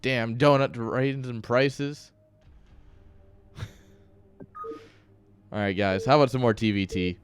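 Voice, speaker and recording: A man's voice: mid-range voice, slow pace, pauses often, clean tone. A man casting a strategy game on a live stream, rambling off-topic, joking and swearing freely. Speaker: game caster. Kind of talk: casual live-stream commentary.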